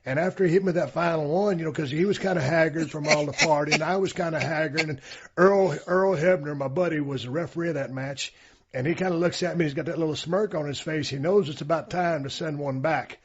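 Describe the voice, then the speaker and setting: A man hosting a podcast, telling a story in a relaxed, drawling way with frequent fillers. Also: a little high, a little fast, husky, lo-fi sound. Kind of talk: casual chat.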